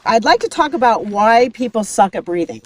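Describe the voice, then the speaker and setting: A woman's voice: fairly high pitch, animated, brisk, a little hiss or hum. A woman hosting a casual health talk while out on a hike, explaining things in an upbeat way. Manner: explanatory, upbeat, laughs easily. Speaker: host. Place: outdoors on a hike.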